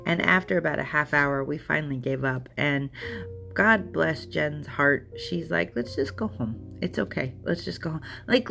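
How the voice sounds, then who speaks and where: A woman's voice: low voice, vocal fry, fairly bright tone. A woman giving an earnest, emotional personal testimony about overcoming fear. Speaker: storyteller sharing her recovery.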